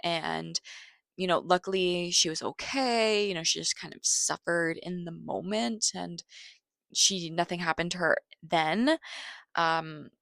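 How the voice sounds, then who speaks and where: A woman's voice: fairly low pitch, a little slow, creaky, fairly bright tone, no echo. A woman giving a casual spoken film review, chatty and swearing freely, getting worked up as she retells tense scenes.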